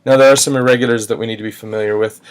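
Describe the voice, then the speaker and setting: A man's voice: mid-range voice, steady tone, rapid-fire, smooth. A man teaching a recorded grammar lesson, patiently spelling out verb endings step by step. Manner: patient, spells out endings, sings a short chant. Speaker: Spanish teacher.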